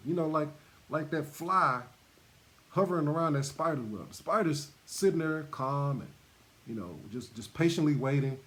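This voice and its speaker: A man's voice: fairly high pitch, moderate pace, a bit bright. A man teaching scripture in a sermon style, repeating points emphatically and laughing between them. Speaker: bible teacher. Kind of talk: sermon-style bible study.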